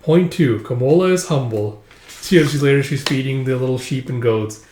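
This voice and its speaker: A man's voice: medium pitch, moderate pace, darkish tone, slight background noise. A man casually recapping a comic chapter in a chatty, conversational way. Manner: chatty, retelling with "it's like". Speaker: manga reviewer. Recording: echoey room.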